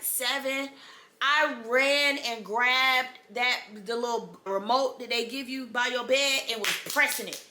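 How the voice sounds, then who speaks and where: In a casual storytime vlog, a young woman with a mid-range voice dramatically recounts the story of her birth, breaking into laughter and sudden loud outbursts. The room sounds echoey.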